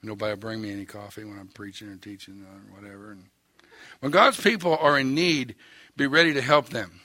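A man's voice: on the low side, fairly even intonation, a little fast, bright, forceful tone, no room sound. An older man with an Oklahoma accent preaching a sermon, telling a story in a folksy, wry, self-mocking way. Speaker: pastor.

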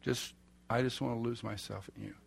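A man's voice: medium pitch, steady tone, fairly quick, gravelly, slightly rough, no echo. A middle-aged man preaching a sermon, folksy and anecdotal, chuckling through his stories. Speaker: pastor.

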